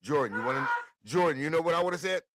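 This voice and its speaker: A man talking on a live stream, animated and profane, quick to burst out laughing and yelling. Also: fairly high pitch, heavy background noise. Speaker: panelist on a live talk stream. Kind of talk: casual live-stream chat.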